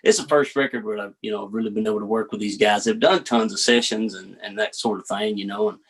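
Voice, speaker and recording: A man's voice: on the low side, steady tone, quick pace, breathy edge. A man with a Southern US accent, a country singer chatting as a guest in a laid-back drawl, often calling the host "man". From United States. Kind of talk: casual interview chat.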